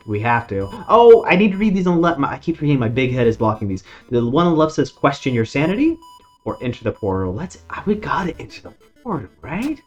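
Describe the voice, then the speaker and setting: A man's voice: mid-range voice, brisk. A man streaming a horror board-style game, reading its text aloud and reacting with casual jokes and swearing. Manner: animated, swears casually, jokes at his own bad luck. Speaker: gaming streamer. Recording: dull lo-fi sound with faint music behind.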